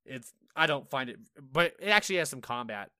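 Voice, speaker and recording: Briskly and in a mid-range voice, a man co-hosting a casual gaming podcast tells animated stories, cursing freely and acting out his frustrated reactions as quoted asides. His bright, forceful voice is recorded dry and close.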